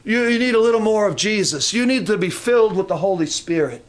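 A man's voice: sits high, expressive, fairly quick. A man preaching a conversational sermon with humorous asides and frequent restarts, rising into fervent emphasis.

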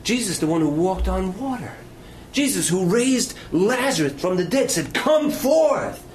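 High, lively-voiced male preacher. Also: a little hiss or hum. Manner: impassioned preaching with dramatic pauses and dropping to near whisper. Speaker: pastor. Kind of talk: sermon.

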